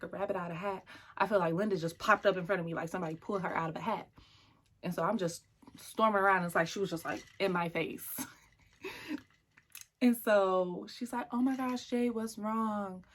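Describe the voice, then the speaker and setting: A young woman telling a personal story in casual, chatty vlog style, lively and slipping into whispered asides. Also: on the low side.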